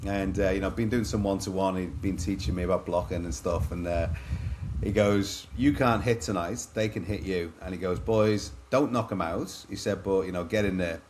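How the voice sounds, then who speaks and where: A man in his forties from England with a Liverpool accent, telling stories as a podcast guest, animated and full of restarts. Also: sits low, moderate pace, a little hiss or hum. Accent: Liverpool English. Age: 40s. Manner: animated, restarts often, says mate a lot. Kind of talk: casual storytelling.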